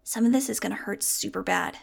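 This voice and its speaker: A woman's voice: medium pitch, fairly quick, vocal fry, breathy edge. A woman voicing an eager young boy in an audiobook. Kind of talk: audiobook character voice.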